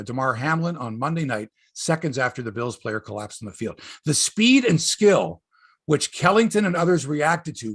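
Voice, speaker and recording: Husky, gravelly male podcast host. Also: on the high side, a bit bright, no echo, studio quality. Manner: profane, rambling storyteller. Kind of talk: casual podcast chat.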